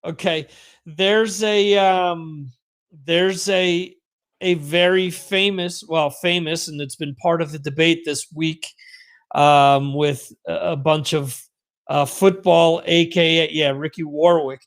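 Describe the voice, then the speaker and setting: A man's voice: fairly high pitch, fairly even intonation, slow. A middle-aged man hosting a podcast in a rambling, self-mocking casual chat. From United States. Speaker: podcast host.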